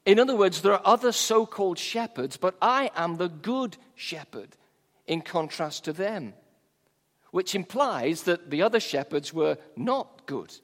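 High-voiced preacher in an echoing hall. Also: male voice. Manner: emphatic, stresses key words, reads scripture aloud. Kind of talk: sermon. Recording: long reverb of a large hall.

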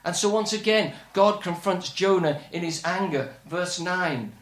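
An older man preaching a sermon with earnest, measured emphasis. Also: sits high, roomy sound.

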